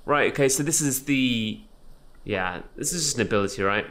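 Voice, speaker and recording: A man's voice: medium pitch, lively intonation, normal speed, a bit bright. A man giving chatty, jokey let's-play commentary as a gaming YouTuber. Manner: chatty, jokey, thinking aloud.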